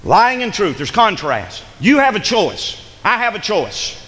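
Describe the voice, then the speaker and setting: A man's voice: high voice, wildly swooping pitch, a little slow, fairly bright tone. A male pastor preaching a sermon in a church, calling out for amens and building to fervent emphasis. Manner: preaching with rising fervor, call-and-response amens. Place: church sanctuary. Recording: long hall reverb.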